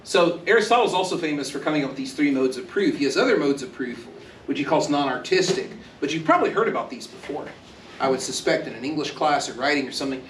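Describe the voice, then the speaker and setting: Guy lecturing a class, kinda high voice, jokey, recorded far off in a roomy hall with faint hum. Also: expressive, fast talker. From Texas. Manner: conversational, joking, acts out quoted voices. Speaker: university lecturer. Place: university classroom. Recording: echoey classroom, speaker far from mic.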